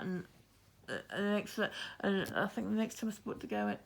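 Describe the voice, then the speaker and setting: Chatty Scottish woman with a gravelly voice. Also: medium pitch, steady tone, normal speed. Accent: Fife Scottish. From Scotland. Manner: rambling, laughs often, many fillers and restarts. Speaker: cross-stitch vlogger. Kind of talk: chatty storytelling while stitching.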